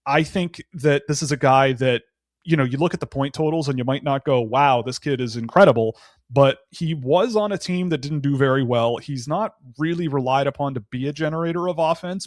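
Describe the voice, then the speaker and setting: A man's voice: fairly high pitch, no echo, studio quality. Rambling man breaking down prospects. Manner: rambling, thinks aloud with many restarts. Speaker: draft analyst guest. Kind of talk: casual podcast analysis.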